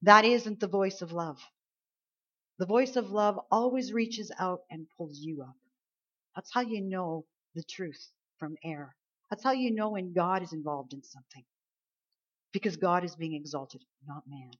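A woman preaching a sermon, dropping to soft, low lines and then rising into loud, drawn-out emphasis. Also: slightly rough, lo-fi sound.

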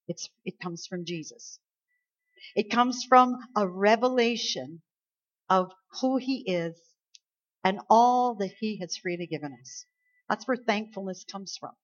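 A woman's voice: mid-range voice, measured pace. A woman pastor from Canada preaching a sermon, emphatic and full of rhetorical questions. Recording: slightly dull lo-fi sound.

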